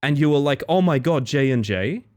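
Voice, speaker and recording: A man live-streaming a game, chatting playfully with viewers, giggling and jumping into silly squeaky bits. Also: lively intonation, moderate pace, a little mellow. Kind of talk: live-streamed gameplay chat.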